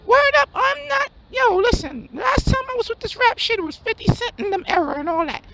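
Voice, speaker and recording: A man voicing a loud, scornful male street hustler in a comedy skit, brash and yelling. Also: very high voice, sing-song, fairly quick, vocal fry, heavily acted. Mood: scornful, angry. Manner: brash, yelling, swearing constantly. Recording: dull lo-fi, faint hum.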